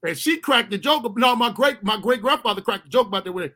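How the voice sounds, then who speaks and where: A man with a bright, high voice tells a wild story from his childhood. He swears freely, laughs as he goes and jumps into voices for the people in it. His delivery is loud, loose and full of energy. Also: expressive, fairly quick. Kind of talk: profane comic storytelling chat.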